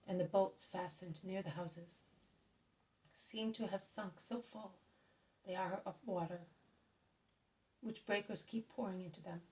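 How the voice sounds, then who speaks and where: A woman narrating a religious story in a steady, measured reading. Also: medium pitch, rough recording. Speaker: audiobook reader. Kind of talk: scripted narration.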